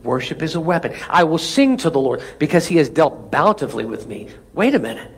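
A man's voice: fairly high pitch, very animated, brisk, husky. A man preaching a sermon as pastor, asking the room for amens and reading scripture with rising intensity. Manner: preaching with call-and-response asides.

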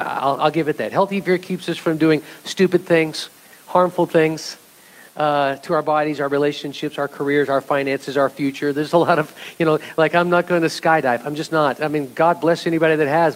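A male pastor preaching a sermon, animated and speaking directly to his congregation, sometimes acting out voices from the story. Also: a little high, a little fast. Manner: animated, acts out voices of scripture figures; addresses congregation directly as church.

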